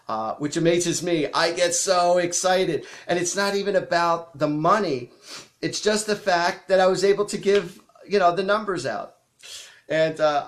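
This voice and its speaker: A man hosting a live psychic show, chatty and animated as he tells stories and acts out quotes, a bit sniffly from allergies. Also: medium pitch. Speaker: psychic medium host. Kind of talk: casual live-stream storytelling.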